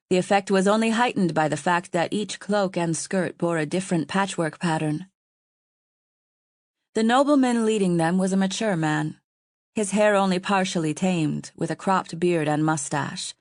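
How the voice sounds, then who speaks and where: A woman reads an audiobook in a calm, even way. Her voice sits a little low, and the recording is dry and close. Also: dry recording. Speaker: audiobook narrator. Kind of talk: scripted narration.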